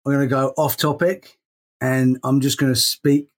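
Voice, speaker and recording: Husky earnest man co-hosting a podcast. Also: mid-range voice, little pitch movement, moderate pace. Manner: earnest, repeats words when emphatic. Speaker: podcast co-host. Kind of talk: casual podcast chat.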